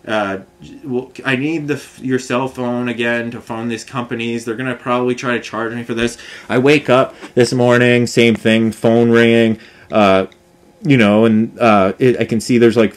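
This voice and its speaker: A man, ranting to camera in an agitated, rambling way with many fillers and restarts. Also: mid-range voice. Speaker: vlogger. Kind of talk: frustrated rambling rant to camera.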